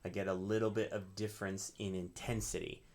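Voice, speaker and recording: Laid-back low-voiced male uke teacher. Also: a little fast. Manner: relaxed, explanatory, frequent "right?" check-ins. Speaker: ukulele teacher. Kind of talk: casual instructional talk. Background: ukulele strumming.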